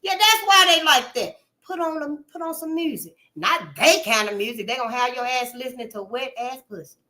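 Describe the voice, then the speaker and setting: A woman talks straight to her listeners in a loose, sassy monologue, peppering her talk with "honey" and cuss words. Her voice sits a touch high and rings bright and forceful. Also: brisk. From Memphis, Tennessee. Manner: animated, sassy, calls listeners honey, swears freely. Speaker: channel host. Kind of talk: casual monologue.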